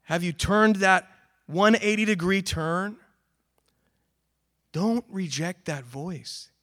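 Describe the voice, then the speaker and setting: A man preaching a sermon, earnest, swinging from emphatic calls to quiet, sober remarks. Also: sits high, takes it slowly. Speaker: pastor.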